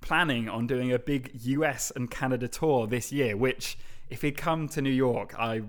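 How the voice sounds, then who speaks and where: Man in his twenties to thirties, relaxed podcast co-host, easy laughs. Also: medium pitch, moderate pace. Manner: chatty, laughs often, trails off and restarts. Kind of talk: casual podcast chat.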